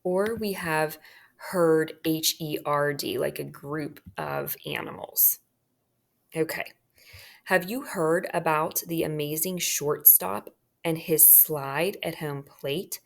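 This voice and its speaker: A woman's voice: sits low, takes it slowly, vocal fry. A woman teacher walking students through a phonics worksheet, often checking in with "okay?" as she marks words. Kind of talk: phonics lesson walkthrough.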